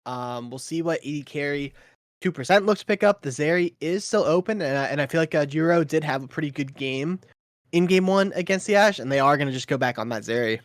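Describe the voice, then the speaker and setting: A man casting an esports match, easygoing, laughing often and filling pauses with ums. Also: a little high, expressive, no room sound, studio quality. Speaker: esports caster. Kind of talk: play-by-play commentary.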